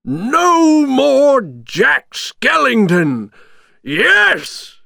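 Oogie Boogie, a gloating shouting bogeyman. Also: sits high, huge pitch swings, creaky, no room sound, clean studio sound, pitched above the performer's own voice, exaggerated voice. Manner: shouting, cackling, drawn-out words. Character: gloating monstrous male bogeyman villain, loud. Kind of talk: storybook reading.

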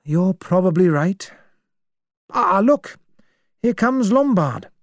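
A man's voice: high-pitched, expressive, slow pace, no echo, clean studio sound, voice pushed up, exaggerated voice. A man doing a worried, urgent doctor. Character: worried male doctor, tense.

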